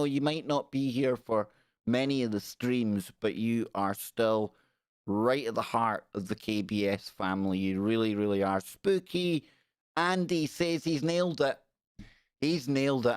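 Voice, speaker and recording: A British man hosting a live stream, chatty and animated, joking with his viewers. His voice is mid-pitched and recorded close and dry, with no room sound around it. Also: dry recording. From United Kingdom. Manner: animated, chatty, jokey, reads out viewer comments. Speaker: podcast host. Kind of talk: casual live-stream chat.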